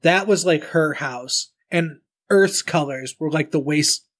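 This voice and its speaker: A man co-hosting a casual podcast, chiming in with wisecracks and quick summaries. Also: fairly high pitch, a bit bright. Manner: wisecracking interjections. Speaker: podcast co-host.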